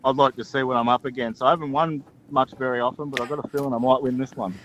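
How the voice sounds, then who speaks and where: A man calling in to a radio show, speaking in a modest, halting way. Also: fairly even intonation, a bit bright, dull audio, slight background noise. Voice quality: low voice. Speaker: caller. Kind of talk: radio call-in chat.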